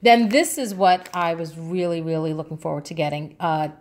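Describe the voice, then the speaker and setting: A woman's voice: lowish voice, normal speed, darkish tone. A woman from New York City, a vlogger chatting casually through a grocery haul, rambling along with lots of ums and uhs.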